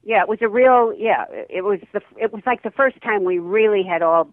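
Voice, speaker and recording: A woman's voice: medium pitch, a little fast, dry recording. An older woman, an actress, chatting in an interview over the phone and laughing often. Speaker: actress guest. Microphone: telephone. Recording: tinny dry phone line.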